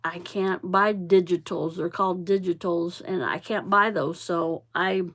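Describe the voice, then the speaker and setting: Woman, casual crafting vlogger, mid pitch, easygoing, rambling show-and-tell. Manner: chatty, meandering, shows crafts while talking. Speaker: journaling vlogger.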